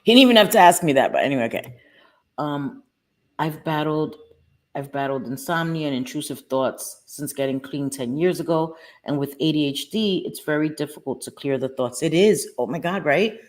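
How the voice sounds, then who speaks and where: Her voice sits low with a darkish tone as she streams live, moving at a moderate pace through an honest, casual talk about her recovery. She responds warmly and earnestly, calling out each viewer's name.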